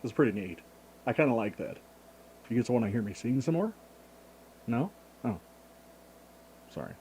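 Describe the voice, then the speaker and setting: Upbeat guy reviewing a mic, bouncy voice, mellow and a bit husky. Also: medium pitch, sing-song, normal speed, slight background noise. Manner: enthusiastic, jokey. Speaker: product reviewer. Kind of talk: casual product review.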